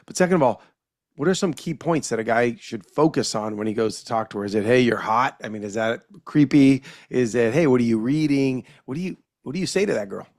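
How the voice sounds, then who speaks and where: A man with a mid-pitched voice hosts a podcast chat. He strings his questions together loosely, circling before landing on the point. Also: animated, quick pace, a little mellow. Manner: rambling, builds long questions. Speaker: podcast host. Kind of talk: interviewing a guest.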